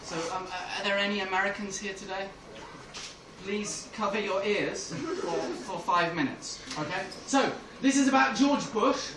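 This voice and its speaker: A man's voice: high voice, normal speed. An English man doing stand-up comedy in a club, telling stories and laughing through his own jokes. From England. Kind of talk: stand-up storytelling. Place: club room with a live audience. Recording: echoey club from far off, noisy.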